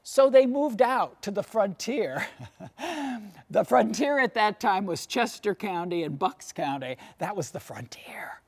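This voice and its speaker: A woman's voice: mid-range voice, lively intonation, measured pace, darkish tone. A woman lecturer and tour guide telling history as a story, posing questions to her audience and often adding "you see".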